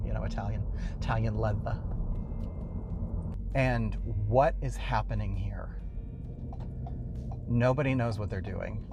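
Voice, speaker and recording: A man hosting a casual show from his car while driving, rambling with wry, exasperated asides. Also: mid-range voice. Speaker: host.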